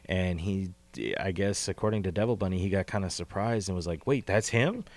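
Deep-voiced rambling podcast host, man. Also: fairly even intonation, brisk, a little mellow, no room sound. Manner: rambling, profane, laughs easily. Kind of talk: casual chat. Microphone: call recording.

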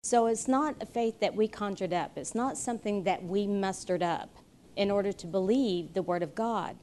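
A woman teaching a Bible study in an earnest, unhurried way, pausing often with ums and uhs. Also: medium pitch, warm tone, slight background noise. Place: room with chairs, audience present.

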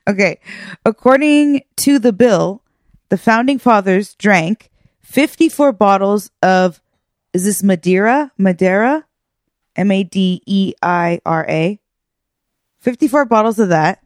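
Giggly lady podcast cohost, drawls along slow, dead dry room. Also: mid-range voice, animated, dry recording. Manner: giggly, drawn-out, loose delivery. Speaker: podcast co-host. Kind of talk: casual chat.

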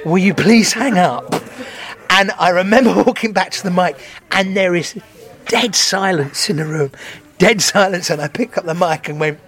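A man's voice: sits high, normal speed. A man, a stand-up comedian, chatting casually and acting out stories with laughter and swearing. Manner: animated storyteller acting out crowd voices, swearing, laughing often. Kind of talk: casual chat, anecdotes.

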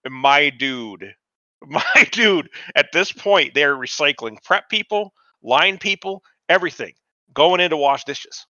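A man casually telling a profane, animated story about an old job, acting out the dialogue. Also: on the high side, measured pace, no room sound, lo-fi sound. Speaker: podcast co-host.

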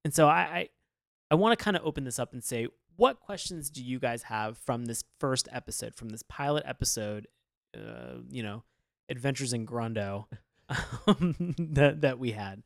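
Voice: mid-range voice, lively intonation, normal speed, gravelly, dry recording, clean studio sound. A podcast co-host in casual chat about a cartoon, telling it animatedly and swearing freely.

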